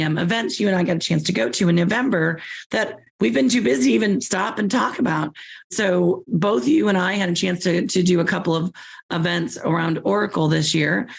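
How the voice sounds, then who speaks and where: A woman hosting a podcast while getting over a cold, her voice scratchy and hoarse, talking in a chatty way with frequent repeated words. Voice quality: scratchy, squeaky voice. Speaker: podcast host.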